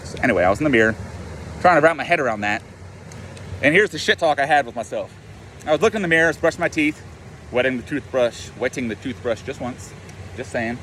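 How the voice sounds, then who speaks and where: A man's voice: medium pitch, animated, fast, long pauses, a bit bright, slight background noise. A man and life coach talking in a rambling, profane, self-mocking way in a casual monologue.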